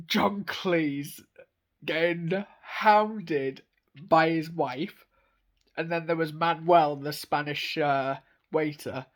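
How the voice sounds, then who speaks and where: A young man talking casually and with enthusiasm, rambling with lots of fillers and little laughs. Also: on the high side. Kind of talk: casual monologue.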